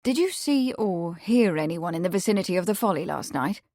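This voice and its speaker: A woman doing a kindly Victorian gentleman. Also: fairly low pitch, lively intonation, dry recording, clean studio sound. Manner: kindly, measured.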